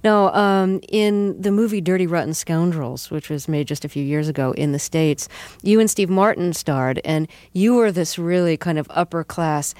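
A woman interviewer asking measured, long framing questions. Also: fairly low pitch, darkish tone, dry recording.

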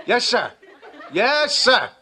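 A flustered nervous employee. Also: male voice, extremely high pitch, big pitch swings, slow pace, noisy background, exaggerated voice. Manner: flustered, stammering. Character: nervous anxious male employee. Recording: sitcom clip with audience laughter.

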